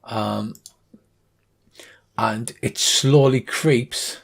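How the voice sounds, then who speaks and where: A middle-aged man narrating a tabletop game as game master, halting often with ums and uhs. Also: mid-range voice, vocal fry.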